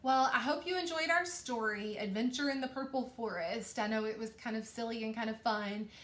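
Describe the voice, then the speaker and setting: A woman teacher giving a recorded reading lesson to young children, talking slowly and encouragingly. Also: on the high side, fairly bright tone. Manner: slow, patient, encouraging teacher talk. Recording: echoey room.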